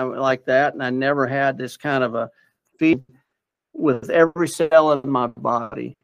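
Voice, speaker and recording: Man, somewhat high voice with gravel, rambling earnest storyteller, dry close sound. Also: a bit bright, dry recording. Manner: earnest, rambling, with many fillers and restarts. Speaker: interviewee sharing personal story. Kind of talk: casual personal storytelling.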